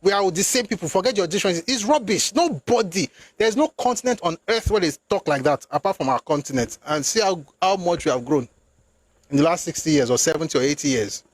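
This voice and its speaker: A man whose voice sits on the high side, with lively intonation and a slightly fast pace, gives an opinionated political monologue as a commentator on a dry recording. Rhetorical and emphatic, he slips into phrases, erupts indignantly, and switches between English and Yoruba.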